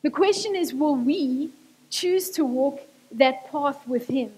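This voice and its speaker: High-voiced woman preaching in a church hall. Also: expressive, slow pace, darkish tone. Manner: earnest, repetitive emphasis, switches into Afrikaans. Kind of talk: sermon. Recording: church hall with long reverb.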